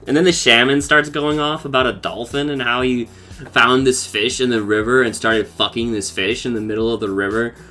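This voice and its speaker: A man's voice: medium pitch, steady tone, moderate pace, sharp tone, faint music behind. A man casually recapping a cartoon episode for his podcast, talking loosely with lots of swearing and fillers. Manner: loose and profane, with frequent fillers and laughs.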